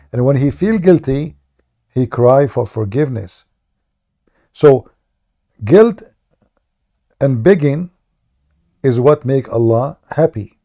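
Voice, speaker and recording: Halting, mellow-voiced man debating. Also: medium pitch. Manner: halting, many restarts, then heated and forceful. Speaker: debate stream host. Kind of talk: live online debate.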